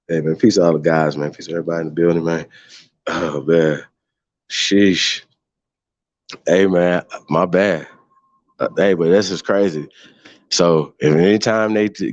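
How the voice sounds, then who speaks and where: A man's voice: low voice, no echo, lo-fi sound. A man hosting a casual livestream, mocking and profane, laughing often. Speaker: host.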